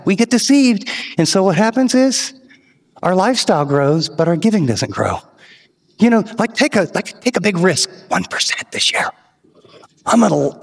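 A pastor preaching a sermon, impassioned and pushing to emphatic questions, then closing in prayer. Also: male voice, on the high side. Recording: long hall reverb.

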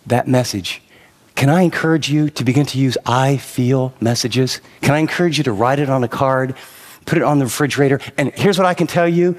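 Man preaching in a reverberant hall. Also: mid-range voice. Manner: conversational, rising to emphatic exhortation. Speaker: pastor. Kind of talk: sermon.

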